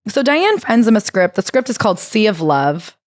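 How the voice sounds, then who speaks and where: A woman's voice: mid-range voice, very animated, normal speed, no echo, clean studio sound. A woman co-hosting a book club podcast, recapping a memoir in casual chat and swearing now and then. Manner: reads quotes aloud and swears casually. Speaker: podcast co-host.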